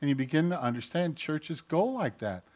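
Male pastor, fairly high voice, sermon with loud jabs and hushed asides, acts out the voices he quotes. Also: sing-song, moderate pace. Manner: swings from loud mocking outbursts to quiet intimate asides.

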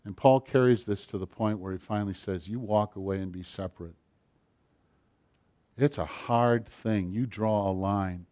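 A middle-aged man preaching a sermon, rising to loud passages and dropping to near-whispers. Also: on the low side, normal speed. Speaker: pastor.

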